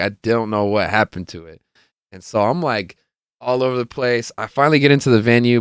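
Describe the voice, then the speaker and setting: Young guy podcast host rambling thru a story, swears a lot, smooth clean voice, dry sound. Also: mid-range voice, fairly bright tone, no echo. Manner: rambling, laughs often, swears freely, acts out quotes. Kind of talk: casual storytelling monologue.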